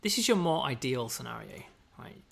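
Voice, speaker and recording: A man's voice: medium pitch, very animated, moderate pace, creaky, fairly bright tone, slightly rough. An English man casually walking through a game update, chatty and explanatory, with lots of "you know" and "right?". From England. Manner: fond of British slang. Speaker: game developer. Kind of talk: casual gameplay walkthrough.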